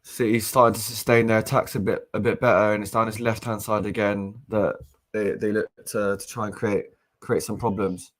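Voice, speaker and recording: A young man giving casual live match commentary as a fan co-host, excitable and exasperated, with frequent restarts. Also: lowish voice, moderate pace. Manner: excitable and exasperated, swears, repeats and restarts phrases.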